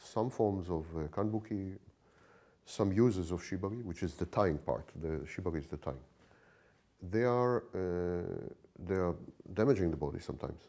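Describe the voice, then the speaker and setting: A man answering an interview question in a lecturing tone, with frequent pauses and restarts. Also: low voice, animated, mellow. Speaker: interview guest.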